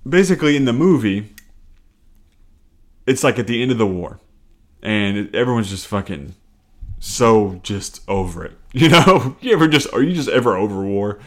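Solo podcast host, man, lowish voice, rambling, swears, self-deprecating, laughs at himself. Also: lively intonation, normal speed. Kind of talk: casual solo comedy podcast.

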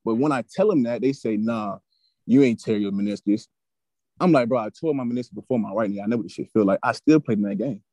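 A young man in his twenties tells a story in an animated, profane style, and he gets heated as he goes. His voice is dark and mellow. The podcast mic is dry and close. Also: fairly low pitch, quick pace, no echo. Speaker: podcast guest, former college football player. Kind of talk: casual storytelling.

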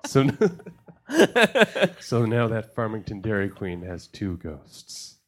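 A man guesting on a comedy podcast, telling an improvised ghost story deadpan with laughs. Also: fairly low pitch. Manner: deadpan, slow, laughing through lines.

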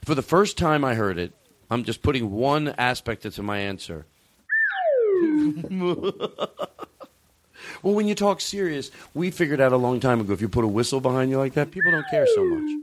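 Comedy podcast host, male, lively pitch, jokey showman riffs. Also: normal speed, long pauses, a little hiss or hum. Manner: animated, jokey, swings into mock showman bravado. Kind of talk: casual comedic banter.

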